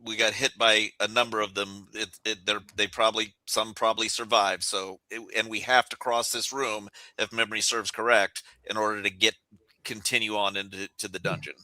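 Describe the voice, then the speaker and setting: A man's voice: fairly low pitch, flat delivery, moderate pace, sharp tone, no room sound, poor audio. A man at a tabletop game reminding the group of earlier events in a matter-of-fact way. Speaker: player.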